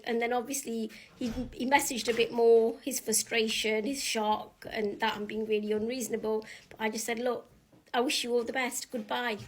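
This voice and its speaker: A woman tells a story in a casual vlog, indignant and animated as she quotes both sides of a phone call. Her voice sits somewhat high. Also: moderate pace, slight background noise.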